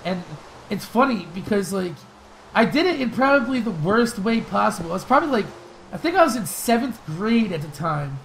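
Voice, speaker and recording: A young man hosting a gaming channel, telling stories and answering viewer questions in loose, profane, laughing chat that flares into excited shouts during fights. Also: high voice, moderate pace, a little hiss or hum, poor audio. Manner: loose, profane storytelling with frequent laughs and fillers. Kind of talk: casual gameplay commentary with viewer Q&A.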